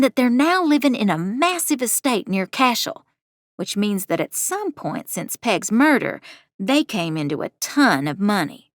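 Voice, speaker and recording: Animated young woman narrating an audio drama. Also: mid-range voice, normal speed, dry recording, studio quality. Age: young adult. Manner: breathless, animated.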